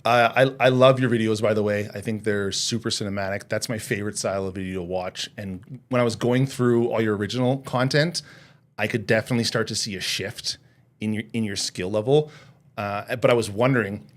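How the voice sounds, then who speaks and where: A man hosting a podcast who asks questions in a relaxed, friendly, casual way and calls his guest "man.". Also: fairly low pitch, brisk. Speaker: podcast host. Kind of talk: casual interview chat.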